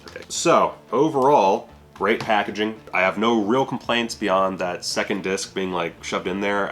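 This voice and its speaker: A man with a very low, deep voice talking casually through a disc review. He is offhand and self-deprecating and swears now and then. Faint music runs quietly behind him. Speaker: home video reviewer.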